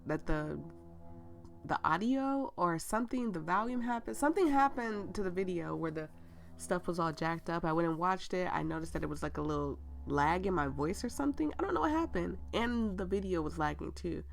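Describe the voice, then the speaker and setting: A woman with a low, gravelly voice, stuffy from a cold. She chats casually to her viewers, apologetic and talkative, as she plays through a game. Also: expressive, a little fast, soft background music. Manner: chatty and apologetic. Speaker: let's play host.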